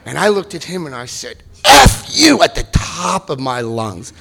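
Middle-aged guy telling a funny recovery story, raspy gravelly voice, swings up and down a lot. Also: medium pitch, moderate pace. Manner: animated, bursts into loud acted-out quotes. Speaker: speaker sharing his recovery story. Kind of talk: comic storytelling talk.

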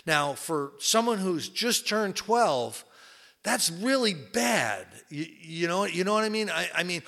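A man's voice: high voice, expressive, measured pace, gravelly, bright, forceful tone. A man from New Jersey giving a candid, rambling personal testimony at a recovery meeting, full of fillers and repeats. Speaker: recovery speaker.

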